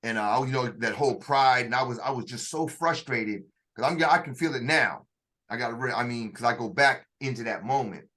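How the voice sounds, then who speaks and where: A man telling a personal story in conversation, halting and restarting often, acting out what others said. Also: medium pitch, bright, forceful tone. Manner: halting, with frequent restarts and acted-out quotes. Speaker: author telling his story.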